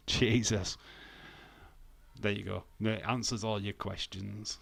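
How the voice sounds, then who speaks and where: Male stream host, slow and easygoing, joking with viewers. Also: lowish voice, little pitch movement, creaky, a bit bright, no echo. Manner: joking, laughs often, chats with viewers. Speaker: watch-along stream host. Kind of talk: casual live commentary.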